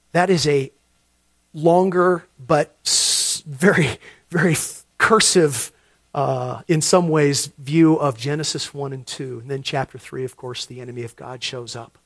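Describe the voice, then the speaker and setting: A middle-aged man preaching a sermon, telling a story and repeating words as he builds to loud emphasis. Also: fairly high pitch, no room sound. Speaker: pastor.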